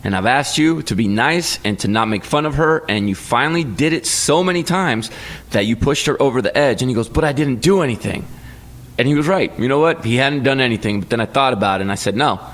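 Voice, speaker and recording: A man in his thirties co-hosting a casual podcast chat, telling stories with lively energy and acting out his kids' voices. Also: medium pitch, quick pace. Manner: animated storyteller, acts out his kids' voices. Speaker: podcast co-host.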